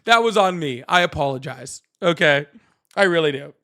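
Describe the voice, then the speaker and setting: Guy running a live politics stream, high bright voice, jumps all over the place, excitable. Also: moderate pace. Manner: animated, laughs often, thanks viewers; apologetic, excitable. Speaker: livestream host. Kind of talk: live call-in political chat.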